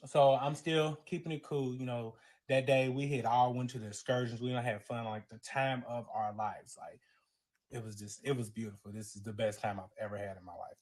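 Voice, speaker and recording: A man's voice: mid-range voice, darkish tone. A man with a Southern US accent telling a painful personal story in dramatic fashion, acting out the people in it and crying as he goes. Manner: dramatic retelling with quoted voices, grows tearful.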